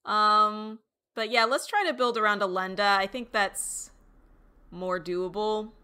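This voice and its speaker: A woman streamer with a bright, lifted tone talks easily with her viewers. She thinks aloud as she goes, trailing off with fillers and reading out chat messages. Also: mid-range voice, steady tone, a little slow, clean tone. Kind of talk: casual live-stream chat while deckbuilding.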